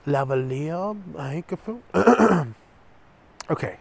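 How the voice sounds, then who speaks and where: A chatty man vlogs outdoors after dark, talking to his viewers through a clip-on lavalier mic. His voice sits a little high and has a gravelly fry. He swings up and down in pitch as he rambles and jokes. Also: expressive, slow pace, a little hiss or hum. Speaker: vlogger. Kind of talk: casual chat to camera. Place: outdoors at night in the countryside.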